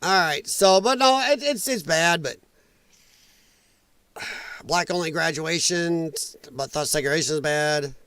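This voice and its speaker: A man with a high voice hosts a reaction commentary show, ranting angrily and repeating his points for emphasis. The sound is dry with no room around it. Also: measured pace, pauses often, fairly bright tone, clean tone, no echo. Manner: emphatic, repetitive, angry ranting.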